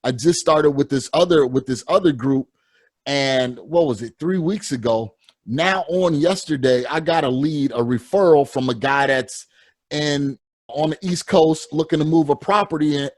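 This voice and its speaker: A man's voice: a little high, darkish tone, dry recording. Podcast host guy, earnest, repeats himself a lot, dry close mic. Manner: earnest, repeats himself, gives short "yep" backchannels. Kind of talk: casual chat.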